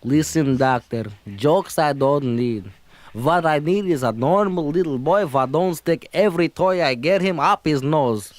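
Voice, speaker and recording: A man's voice: fairly high pitch, measured pace, no room sound, lightly acted. A man playing a fretful immigrant father with a Yiddish-inflected accent in a comedy album sketch, rambling and pleading. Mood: exasperated. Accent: Yiddish-inflected English.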